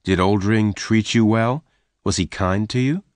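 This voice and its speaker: A man voicing a strong, protective young cowboy in a read-aloud story, calm and plain-spoken. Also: on the low side, unhurried, dry recording, pitched above the performer's own voice, natural voice. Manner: calm, plain-spoken, close to the reader's own voice.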